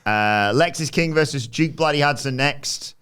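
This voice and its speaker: A man's voice: fairly high pitch, moderate pace, fairly bright tone, clean tone. A man co-hosting a podcast, recapping events in a casual, offhand way. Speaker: podcast co-host. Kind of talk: casual wrestling recap chat.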